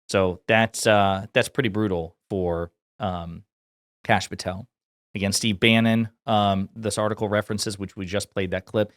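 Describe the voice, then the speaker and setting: A man's voice: lowish voice, steady tone, measured pace, no echo, studio quality. A man from Kentucky giving casual political commentary in a blunt, sarcastic, profane way.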